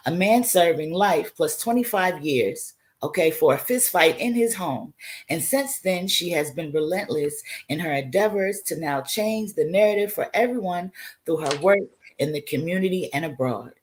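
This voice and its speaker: Woman, low voice, casual chatty host introducing a guest. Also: expressive, normal speed. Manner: friendly, chatty asides.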